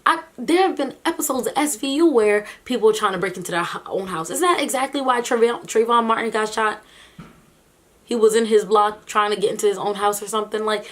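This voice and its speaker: Woman, vlogger, casual reaction commentary, incredulous, animated, laughs between remarks, middle pitch.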